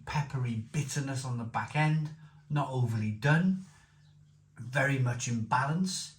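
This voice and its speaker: A man reviewing a beer in casual chat, enthusiastic, repeating himself and rambling. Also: mid-range voice. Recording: echoey room with faint noise.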